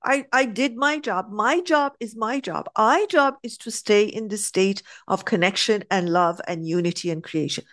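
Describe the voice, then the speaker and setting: A woman leads a spiritual class in an animated, emphatic way, acting out little scenes as she explains. Her pitch jumps around as she stresses points. The sound is close and dry. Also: moderate pace, few pauses, no room sound. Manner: animated, emphatic, acts out examples. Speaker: spiritual teacher. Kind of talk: teaching a class.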